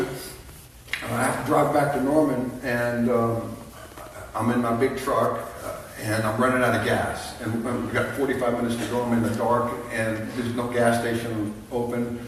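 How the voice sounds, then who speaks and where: A middle-aged man telling an emotional personal testimony to a men's conference crowd, halting with many restarts. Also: medium pitch, slight background noise. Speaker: conference speaker. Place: large conference hall. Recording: echoey hall, heard from a distance.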